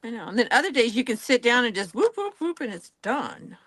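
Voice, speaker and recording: Older grandmother telling lively stories. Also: fairly high pitch, a little fast. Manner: lively storyteller, acts out quotes. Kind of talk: casual chat.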